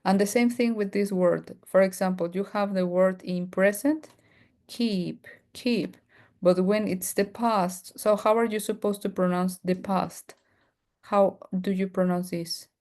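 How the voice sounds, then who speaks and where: A woman with a Mexican Spanish accent, a native Spanish speaker, teaching an online English pronunciation class and slowly repeating model words. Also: medium pitch, steady tone, darkish tone.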